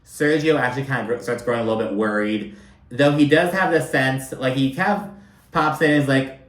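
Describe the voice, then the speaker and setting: A man talks through a reality show in a loose, chatty way. He swears freely and keeps dropping in "like". His mid-pitched voice echoes around a roomy space. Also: fairly quick, fairly bright tone. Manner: profane, chatty, filler-heavy with constant "like". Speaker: reality TV recap commentator. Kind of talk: casual commentary.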